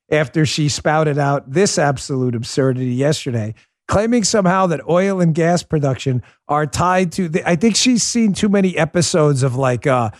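A man's voice: fairly high pitch, a little mellow, no room sound, studio quality. Fired-up sarcastic male show host. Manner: fast, fired-up, sarcastic, laughs often. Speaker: podcast host. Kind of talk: political commentary show.

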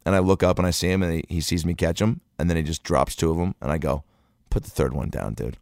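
A man's voice: low-pitched, steady tone, fast, a little mellow, dry recording, studio quality. A man telling a comedic story in a loose, profane, rambling way.

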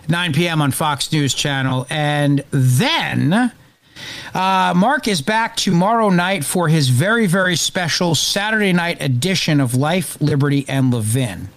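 A man filling in as host of a political talk radio show, speaking emphatically and indignantly in quick bursts. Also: fairly high pitch, fairly bright tone.

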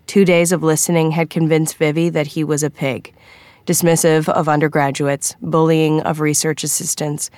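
A woman narrates an audiobook in an even, measured storytelling style. Her voice is low-pitched, and the recording is dry.

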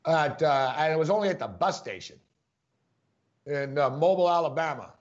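A man with a New York accent, rambling through a story at high speed and laughing easily as he co-hosts a casual podcast. His voice sits high for a man, and the audio has a dull, lo-fi quality. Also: animated. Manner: fast-talking, rambling, laughs often. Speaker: podcast co-host. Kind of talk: casual chat.

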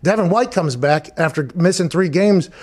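A man's voice: fairly high pitch, lively intonation, moderate pace, a little mellow. A man hosting a sports talk show, rambling and emphatic in casual chat, swearing freely.

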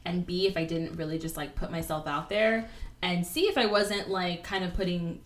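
A woman co-hosting a podcast, talking casually and animatedly with many fillers. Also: fairly low pitch. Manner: animated, quick, lots of fillers. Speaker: podcast co-host. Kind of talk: casual chat.

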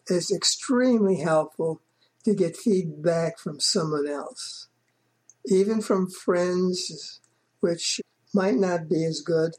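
A woman's voice: on the low side, darkish tone, husky. A woman giving informal coaching on sales and networking, talking conversationally, repeating her points with frequent fillers.

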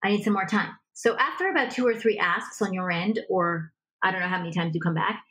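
A woman relationship coach talking in a conversation, animated and acting out little example dialogues. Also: lowish voice, fairly quick, poor audio.

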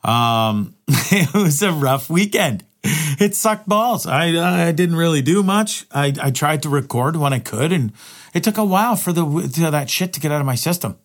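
A man's voice: fairly high pitch, animated, moderate pace. A middle-aged man vlogging a candid personal monologue, rambling and swearing heavily, often restarting his words. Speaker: vlogger and live streamer.

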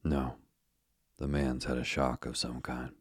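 A gruff, blunt doctor, read by a man in an audiobook. The voice is very deep and even, with short, dismissive phrases, recorded close and dry. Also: unhurried, no room sound, full character voice. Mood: brusque. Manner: curt and dismissive.

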